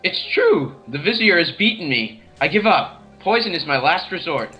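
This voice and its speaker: A man's voice: fairly high pitch, sing-song, normal speed, sharp tone, faint music behind, poor audio. A man reading an earnest young prince. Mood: despairing.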